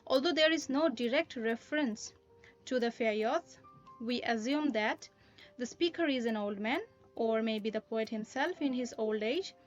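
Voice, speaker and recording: A woman lecturing on a poem in a careful, explanatory way, often pausing with "uh" as she works through her points. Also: fairly high pitch, lo-fi sound. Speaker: literature teacher. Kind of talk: recorded poetry lesson.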